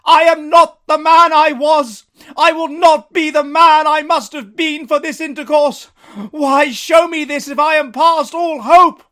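A man voicing a desperate, repentant old male miser in a loud, strained, pleading dramatic reading. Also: extremely high pitch, a little slow, pitched above the performer's own voice.

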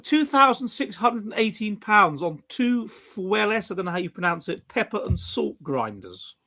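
A man co-hosting a casual chat, animated and mocking, with frequent stammering restarts. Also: high voice, moderate pace. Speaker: podcast co-host.

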